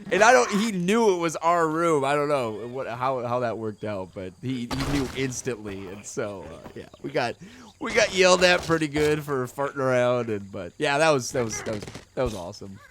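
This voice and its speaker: A man's voice: mid-range voice, animated, normal speed, noisy background. A man telling a story in casual let's-play commentary, rambling with many fillers. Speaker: video game commentator.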